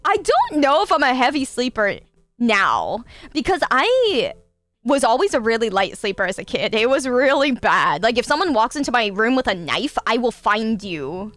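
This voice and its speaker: A young adult woman streaming, chatting casually with her chat, animated, laughing and swearing freely. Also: fairly high pitch, normal speed, soft background music.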